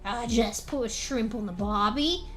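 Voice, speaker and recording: A loud, bossy Australian bloke with a broad, over-the-top accent barks out orders, as a young woman puts him on. The voice pushes higher and louder than plain talk, with faint music in the background. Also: measured pace, natural voice. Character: gruff, exaggerated Australian bloke.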